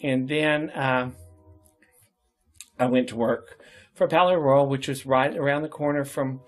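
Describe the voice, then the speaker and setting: A man in a relaxed interview, chatting through long anecdotes and often breaking into laughter. His voice sits at an ordinary middle pitch, and his delivery is easy and conversational. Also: a little slow. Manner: chatty, laughs often while telling stories. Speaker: interview guest. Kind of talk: casual storytelling interview.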